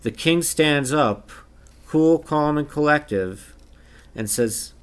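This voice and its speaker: A man narrating a tabletop game as game master, pausing often with fillers. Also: on the high side, smooth. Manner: hesitant, many uh fillers.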